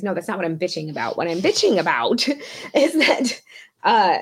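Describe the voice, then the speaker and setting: A woman's voice: fairly low pitch, very animated, moderate pace, husky. A woman guest on a podcast, chatting casually and rambling, swearing freely and laughing often. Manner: rambling, profane, frequent laughs. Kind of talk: casual chat.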